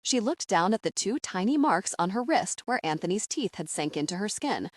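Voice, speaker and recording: A woman narrating an audiobook in a gentle storytelling manner. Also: mid-range voice, big pitch swings, normal speed, hardly any pauses, dry recording, clean studio sound.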